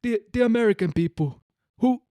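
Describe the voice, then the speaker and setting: A man's voice: very high voice, expressive, a little fast, mellow, no room sound, voice pushed up. A man putting on a mock Ugandan accent as a scheming hidden rich elite.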